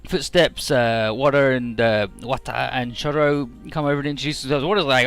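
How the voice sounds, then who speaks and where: A man's voice: mid-range voice, fairly even intonation, moderate pace, hardly any pauses, a bit bright, clear, resonant tone, no room sound. A man giving crude, joking let's play commentary, rambling as he recaps a game's story. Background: faint game music.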